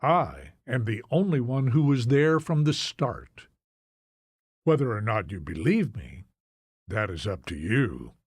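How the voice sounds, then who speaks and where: A man narrating an audiobook in a measured, solemn storytelling manner. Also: mid-range voice, sing-song, husky, no echo, clean studio sound.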